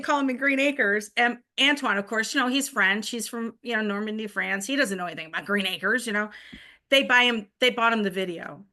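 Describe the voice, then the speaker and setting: A woman's voice: fairly high pitch, normal speed, sharp tone. A middle-aged woman co-hosting a casual podcast chat, telling personal stories and laughing easily. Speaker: podcast co-host.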